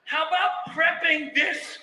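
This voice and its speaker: A man telling comedic family stories, animated and bursting into shouts. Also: very high-pitched, slow pace. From Texas. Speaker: storyteller. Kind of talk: comedic storytelling. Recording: roomy echo.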